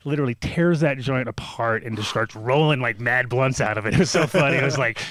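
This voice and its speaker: A man in casual talk-show conversation, spinning a long, rambling story. He swears freely and slips into little voices for the people he quotes. His voice sits at an ordinary middle pitch. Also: a little fast, a bit bright.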